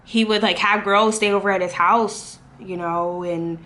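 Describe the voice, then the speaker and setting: A young woman talking through a personal story in a casual vlog, candid and unpolished, full of fillers and restarts. Her voice is bright and sits at an ordinary pitch. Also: fairly even intonation, unhurried. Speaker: vlogger.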